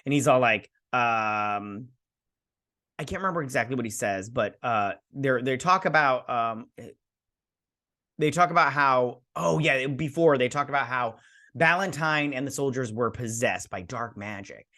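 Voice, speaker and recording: A man's voice: mid-range voice, a little slow, bright, forceful tone. Sarcastic, rambling man recapping. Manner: sarcastic, exasperated, mimics characters mid-story; rambling with many fillers and restarts. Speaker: show host reviewing a TV episode. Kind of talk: casual ranting recap.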